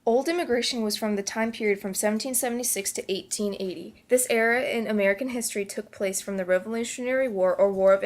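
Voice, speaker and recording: Woman reading a school report. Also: medium pitch. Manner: reads aloud with occasional slips and restarts. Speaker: student presenter.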